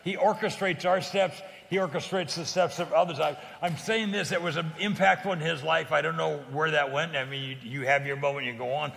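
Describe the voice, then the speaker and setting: Gravelly, bright-voiced older man telling a story. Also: a little high, brisk, hardly any pauses. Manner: lively, laughing, emphatic storyteller. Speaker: guest. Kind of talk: animated storytelling testimony. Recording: long reverb.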